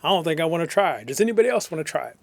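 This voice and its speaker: A man's voice: a little high, very animated, rapid-fire, creaky, no room sound, exaggerated voice. A man voicing a big, strong, proud bear who speaks boldly and plainly. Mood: shaken. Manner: bold, plain-spoken.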